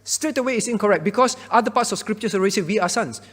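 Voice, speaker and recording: A man's voice: high-pitched, very fast, fairly bright tone, slightly rough, big-room sound. A man, a pastor, explaining a Bible question to a congregation, often checking in with "all right?". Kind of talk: Bible Q&A teaching.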